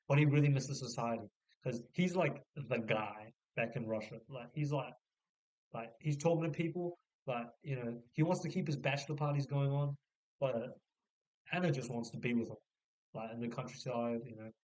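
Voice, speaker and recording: A man casually summarizing a novel, rambling with many filler words and restarts, sometimes putting on quick voices for the characters. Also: mid-range voice, a little mellow, rough recording. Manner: slips into short mock voices for the characters. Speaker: book reviewer. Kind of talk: casual spoken book summary.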